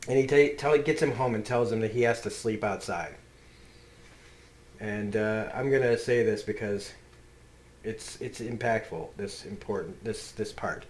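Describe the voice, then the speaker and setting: A man's voice: lowish voice, normal speed. Earnest male comic reviewer, echoey room. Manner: earnest, emotional, rambling with restarts. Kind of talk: casual video review. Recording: roomy echo.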